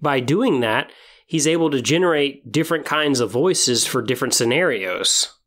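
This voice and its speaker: A man with a mid-range voice hosts a podcast, talking casually. He explains things step by step and pauses as he runs through lists. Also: medium pitch, animated, a bit bright. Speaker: podcast host.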